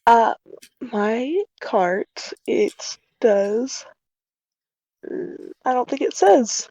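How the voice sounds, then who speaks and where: A woman's voice: on the high side, expressive, extremely slow, mellow, no echo, rough recording. A woman playing a tabletop game online, chatty and playful as she describes her character. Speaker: player.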